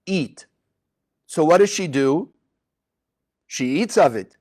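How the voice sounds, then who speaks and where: A man's voice: on the high side, expressive, a little slow, darkish tone. A man teaching a group in a live class, retelling a story and asking many rhetorical questions. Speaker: Kabbalah teacher.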